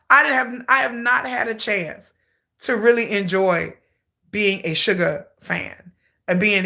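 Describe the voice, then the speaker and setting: A woman hosting a K-pop channel livestream, telling a dramatic, salty story with animated humor. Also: mid-range voice, vocal fry. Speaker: K-pop YouTube channel host. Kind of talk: casual livestream rant.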